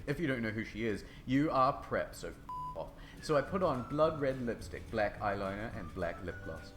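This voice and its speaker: A man narrating a comedic dramatic reading in a deadpan, mock-serious way. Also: medium pitch, normal speed, slight background noise.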